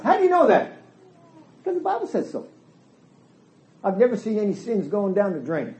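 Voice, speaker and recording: A man's voice: extremely high pitch, darkish tone. A middle-aged man preaching a sermon in a church hall, emphatic and folksy, voicing quoted dialogue as he goes. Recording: echoey hall.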